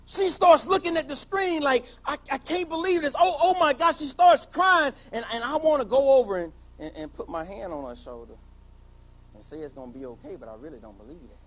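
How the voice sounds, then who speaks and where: A middle-aged man delivers a motivational talk with a husky, slightly rough voice that sits high for a man. He swings his pitch widely, telling stories and building to fervent, emphatic peaks. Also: very animated, brisk. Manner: passionate and emphatic, building to shouts. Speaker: teacher giving a motivational talk. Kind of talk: motivational speech with storytelling.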